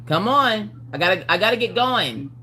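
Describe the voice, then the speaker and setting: A woman's voice: mid-range voice, lively intonation, normal speed, pushed and bright, a little hiss or hum. A woman hosting a craft live stream, telling a story in a casual, exaggerated way and swearing freely. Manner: acts out family members' voices.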